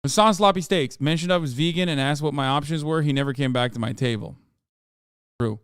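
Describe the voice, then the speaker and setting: A man hosting a livestream in casual chat, reading viewer posts aloud in an offhand, sarcastic way with loud outbursts. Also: medium pitch, fairly quick, smooth, no echo, studio quality. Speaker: livestream host.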